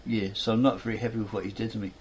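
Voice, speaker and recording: A man's voice: lowish voice, level tone, very fast, slight background noise. A man reading a fan story aloud, rambling and correcting himself as he goes.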